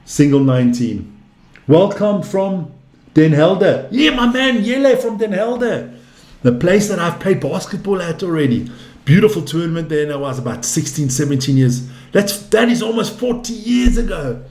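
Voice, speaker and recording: A man in his fifties gives casual live darts commentary, calling out scores between loose banter with viewers. His voice sits fairly high for a man. The sound is roomy, with a noticeable echo. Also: expressive, normal speed, dark tone. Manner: chatty, calls scores and answers viewer chat. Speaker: darts commentator and stream host.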